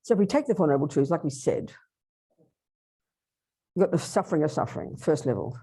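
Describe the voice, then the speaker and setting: A woman teaching Buddhism at a workshop, lively, acting out inner voices and asking her listeners questions. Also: sits low, a little fast, husky.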